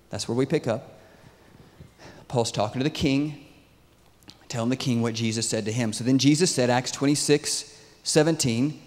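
A man in his thirties preaching a sermon in a lively, conversational way, often asking his audience questions. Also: medium pitch, fairly quick. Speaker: pastor. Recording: long reverb in a large hall.

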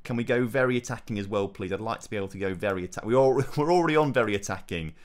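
A young man giving excitable, self-mocking commentary over a football management game, swinging between groans and cheers. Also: fairly low pitch, racing. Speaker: gaming YouTuber. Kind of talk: live gameplay commentary.

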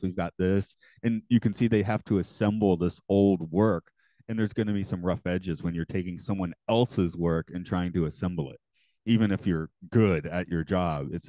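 A man co-hosting a podcast in casual chat, relaxed and rambling with a wry humor. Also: deep voice, no echo. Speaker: podcast co-host.

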